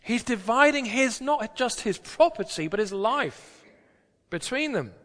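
High-voiced British male preacher. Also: animated, measured pace, fairly bright tone, big-room sound. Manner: conversational, emphatic, rhetorical questions. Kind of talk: sermon. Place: church.

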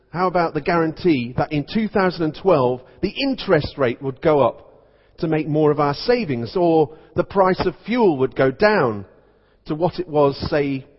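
A man serving as vicar, preaching a sermon in a conversational storytelling manner. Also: fairly high pitch. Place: church. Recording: dull recording in echoey church.

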